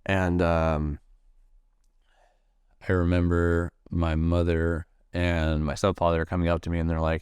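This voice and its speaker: A man from Nebraska, a Marine veteran, telling his own story in an interview, halting with many fillers and restarts and swearing freely. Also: low voice, monotone, darkish tone, clean tone, no echo. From Nebraska, USA.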